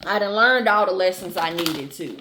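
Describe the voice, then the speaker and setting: A woman's voice: on the low side, lively intonation, moderate pace, background noise. A woman giving a tarot reading to her viewers, blunt and emphatic, swearing freely and repeating phrases for emphasis. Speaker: tarot reader. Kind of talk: channel tarot reading, casual and direct to viewers.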